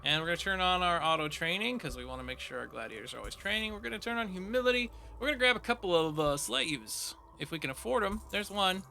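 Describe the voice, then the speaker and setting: A man giving casual gameplay commentary as a streamer, excitable and quick to laugh. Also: high voice, gravelly. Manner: excitable, breaks into laughter and shouts. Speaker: game streamer.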